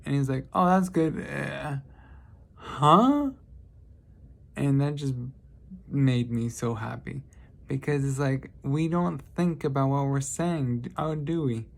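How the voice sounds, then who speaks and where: A man's voice: medium pitch, fairly even intonation, unhurried, gravelly, dark tone. A man vlogging, telling casual stories in a rambling, lighthearted way and often correcting himself. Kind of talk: casual storytelling monologue.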